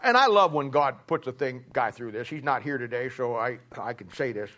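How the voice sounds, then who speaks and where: A man's voice: medium pitch, expressive, moderate pace, fairly bright tone. A middle-aged man, preaching a sermon in a folksy storytelling way and acting out both sides of a talk. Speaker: pastor.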